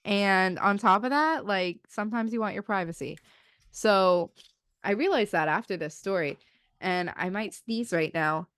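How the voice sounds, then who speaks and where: A woman's voice: mid-range voice, a little slow, a bit bright, clear, resonant tone, no room sound. Young woman, 20s, podcast co-host, casual storytelling, chatty with lots of "like", dry close sound. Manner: chatty, many "like" fillers, acts out quotes.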